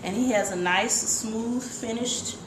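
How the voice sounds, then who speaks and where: A woman's voice: a little high, takes it slowly, background noise. A woman hairstylist hosting a casual hair tutorial, chatty and explaining step by step. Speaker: hairstylist, host. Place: hair salon indoors. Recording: roomy room echo.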